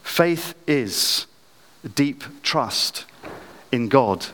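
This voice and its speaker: A man preaching a sermon, dramatic, his voice climbing high when he acts out quoted prayers. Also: animated, extremely slow, a bit bright. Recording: long hall reverb.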